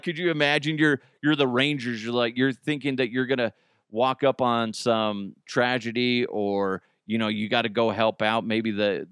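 Male podcast host, mid pitch, crude rambling comic riffs, dry close sound. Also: a bit bright, smooth, no echo. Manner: crude, rambling, laughs at his own jokes. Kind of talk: casual comedic commentary.

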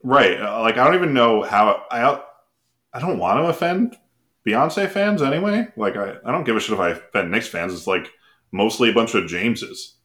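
A man's voice: mid-range voice, animated, moderate pace, sharp tone. A man co-hosting a podcast, chatting casually, rambling with laughs, swearing and mock voices. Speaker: podcast co-host. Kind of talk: casual chat.

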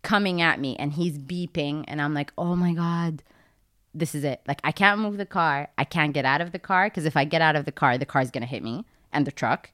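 A young woman casually telling a long personal story, acting out her own remarks in a much higher voice. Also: a little fast, no echo, studio quality. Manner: animated, acts out her own lines in a high voice.

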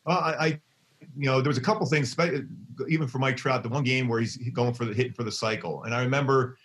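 Man, Philadelphia accent, middle-aged, excitable storyteller, casual interview guest. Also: mid-range voice, fast. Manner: excitable storyteller, frequent restarts. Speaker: baseball broadcaster, guest.

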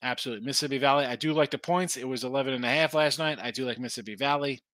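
Brief: male picks host, casual livestream talk, bright forceful tone, dry close sound, joking tangents between odds rundowns. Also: mid-range voice, no echo, low-quality recording. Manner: rambling, joking asides with quick rundowns of lines and odds. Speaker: sports betting picks host.

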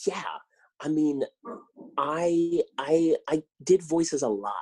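A man talking as a podcast guest, telling animated stories and acting out the lines he quotes. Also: fairly high pitch, slow, breathy edge. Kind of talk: casual interview chat.

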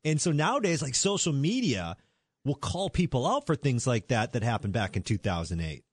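A man co-hosting a casual gaming podcast, lively and opinionated. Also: mid-range voice, moderate pace, slightly rough, dry recording, clean studio sound. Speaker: podcast co-host.

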